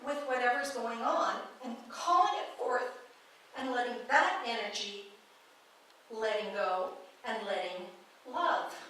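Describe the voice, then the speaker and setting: A woman's voice: on the high side, animated, measured pace, pushed and bright, slight background noise. A woman giving a conversational, playful sermon as a guest speaker at a spiritual church. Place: church sanctuary. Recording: echoey hall from far off.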